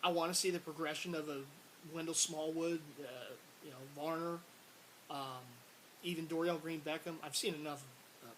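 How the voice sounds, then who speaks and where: Casting note: rambling, exasperated male fan vlogger, a touch high, faint hiss behind. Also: rough recording. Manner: frustrated, rambling, repeats words, bursts of exasperated shouting. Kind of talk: casual sports rant to camera.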